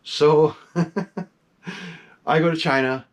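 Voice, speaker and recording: A middle-aged man, a collector, telling a long story about his masks in casual, excitable talk. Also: a little high, extremely slow. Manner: animated, excitable, swears casually.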